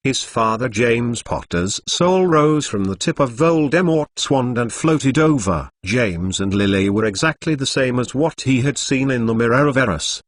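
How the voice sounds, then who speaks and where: A man's voice: medium pitch, fairly bright tone, no room sound, studio quality. A man's synthetic voice narrating a web novel, reading web addresses and symbols aloud. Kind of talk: text-to-speech novel narration.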